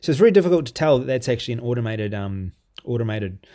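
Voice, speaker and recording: A man talks through a software demo in a relaxed, offhand way, pausing and restarting as he goes. His voice is mellow and warm, set at an ordinary middle pitch. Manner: loose and conversational, many ums and restarts. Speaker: software reviewer. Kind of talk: casual screen-recorded software walkthrough.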